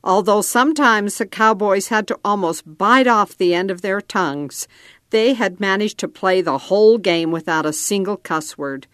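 A woman narrating a story in a calm, measured storytelling manner. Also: mid-range voice, dry recording, clean studio sound. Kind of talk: scripted narration.

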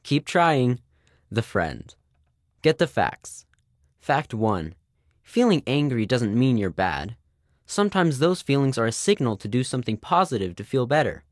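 A man's voice: medium pitch, sing-song, moderate pace, no room sound, clean studio sound. A man reading a children's advice column in a reassuring, instructive way.

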